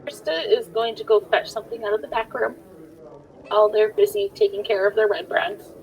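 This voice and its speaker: A woman's voice: medium pitch, brisk, creaky, a little mellow, rough recording. A woman player describing her character's actions, casual and a bit hesitant.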